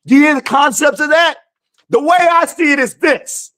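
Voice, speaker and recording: A woman's voice: sits high, moderate pace, a bit bright. A woman hosting a live podcast, speaking in an impassioned, emphatic way and repeating her phrases for force. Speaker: podcast host. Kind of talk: live-stream commentary.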